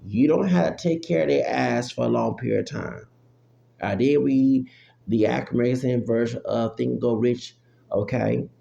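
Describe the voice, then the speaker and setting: Gravelly man ranting in a roomy space. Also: medium pitch, a little mellow, lo-fi sound. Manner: profane, repetitive, exclamatory. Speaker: vlogger. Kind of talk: unfiltered rant. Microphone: phone app recording. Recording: roomy echo with faint hum.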